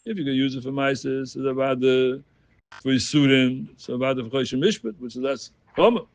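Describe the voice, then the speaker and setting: Man, Talmud class leader, animated, chants quoted text, gravelly, dry recording. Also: mid-range voice, normal speed, no room sound. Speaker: Talmud study group leader.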